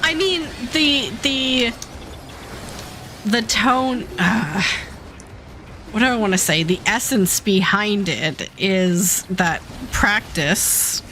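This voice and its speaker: A woman's voice: medium pitch, very slow, bright, forceful tone, a little hiss or hum. A woman streamer chatting casually while gaming, laid-back and hesitant, laughing often.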